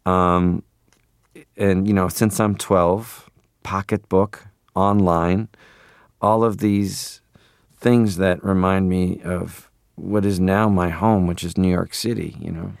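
A man in his forties from Canada chats as a radio guest, playful and rambling, often slipping into funny voices. His voice sits a little low, and the studio sound is close and dry. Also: fairly even intonation, slow pace, gravelly, no echo. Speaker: interview guest. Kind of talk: radio interview conversation.

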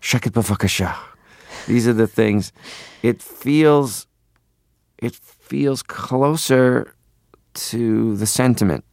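A man's voice: medium pitch, extremely slow, creaky, darkish tone, no echo, clean studio sound. A man in his forties from Canada, a guest in a radio interview, talking playfully and rambling into funny voices.

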